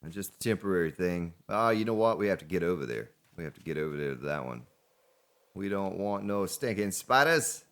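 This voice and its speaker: Deep-voiced man rambling over gameplay. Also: fast, hardly any pauses. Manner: rambling, talks to himself. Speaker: gaming let's play host. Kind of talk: casual gameplay commentary.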